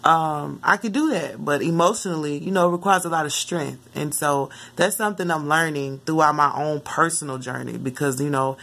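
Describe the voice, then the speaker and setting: A mother telling the story of a dream in casual, rambling vlog talk, often jumping into lively quoted asides. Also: low-pitched, normal speed, creaky, few pauses. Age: adult mother. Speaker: spiritual vlogger.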